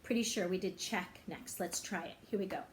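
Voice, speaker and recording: A woman music teacher talking brightly and encouragingly to young children, now and then singing a short greeting song. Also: mid-range voice, a little fast.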